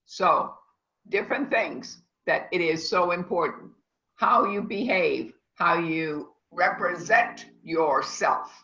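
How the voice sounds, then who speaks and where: Her voice is lowish with a sharp tone as she leads a culinary class lecture online through a video call. The delivery is emphatic, rambling and teacherly, recorded in dull, echoey lo-fi audio.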